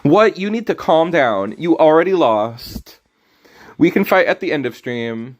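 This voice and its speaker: A man's voice: on the high side, big pitch swings, unhurried. Man joking with chat while playing a card game. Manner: casual, teasing banter with chat; sudden loud reactions. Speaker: streamer. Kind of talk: live game stream commentary.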